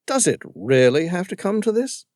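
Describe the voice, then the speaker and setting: A male narrator voicing a dutiful, reserved male footman with a British accent and a monotone drawl. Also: high-pitched, moderate pace, no room sound, clean studio sound, voice pushed up.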